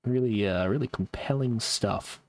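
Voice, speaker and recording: This young man's voice is lowish and somewhat dark, at a moderate pace. He's live-streaming a game and chatting casually with viewers, sarcastic and laid-back, laughing often as he reacts to chat.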